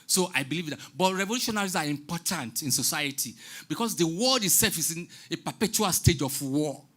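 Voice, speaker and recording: A Nigerian man in his sixties speaks on stage with a bright, forceful voice pitched a little high. He talks with passion, like a preacher, and slips Pidgin phrases into his English. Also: expressive, fairly quick. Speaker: guest artist speaking on stage. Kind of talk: public talk. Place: stage in a large venue.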